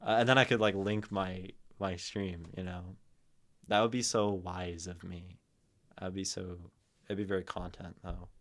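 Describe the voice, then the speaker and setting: A man's voice: deep voice, steady tone, a little slow. A man streaming casual talk about poetry, rambling and thinking aloud, with a self-amused edge.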